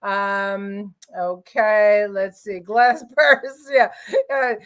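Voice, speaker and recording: A middle-aged woman hosting a live talk stream, reading viewer comments aloud with frequent laughs and halting pauses. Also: mid-range voice, fairly bright tone. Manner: laughs often, halting as she reads comments. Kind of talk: casual live-stream chat.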